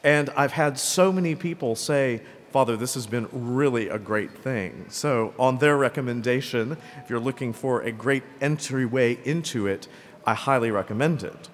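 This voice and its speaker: A man's voice: mid-range voice, normal speed, slight background noise. A man preaching a sermon as a priest, talking conversationally and often checking in with "right?" and "okay?". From Greenville, South Carolina. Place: church. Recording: long church reverb.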